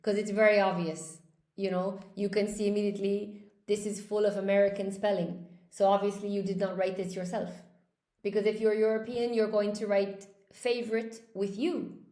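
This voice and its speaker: A woman's voice: medium pitch, flat delivery, moderate pace, dark tone. Chatty woman teaching English, echoey room. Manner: chatty, reads viewer comments aloud and answers them; emphatic, repeats words for stress. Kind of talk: live online exam-prep lesson.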